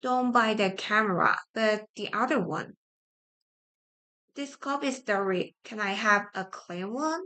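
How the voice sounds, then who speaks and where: A woman whose first language is Korean, reading simple grammar practice sentences aloud, repeating each one with halting restarts. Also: medium pitch, pushed and bright. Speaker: study-with-me streamer.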